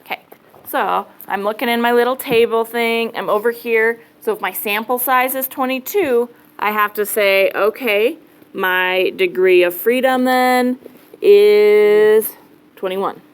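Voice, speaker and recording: A woman's voice: mid-range voice, measured pace, clean tone, low-quality recording. A woman math teacher giving a casual classroom lecture, thinking aloud and checking in with students. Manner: casual, chatty, thinks aloud, says okay often.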